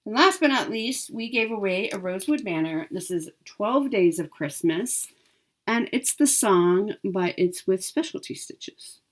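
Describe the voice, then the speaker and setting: A woman's voice: mid-range voice, expressive, measured pace. A woman vlogging about her cross-stitch haul and giveaways in a chatty, upbeat way with frequent ums. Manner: chatty, upbeat, lots of ums and self-corrections. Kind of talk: casual chat to camera.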